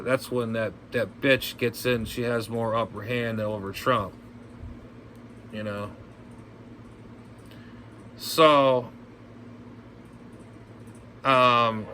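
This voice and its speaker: Blunt, ranting man with a bright voice. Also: medium pitch, a little hiss or hum. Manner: ranting, blunt, cursing, repeats himself. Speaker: ham radio vlogger. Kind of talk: rambling casual chat. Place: at home.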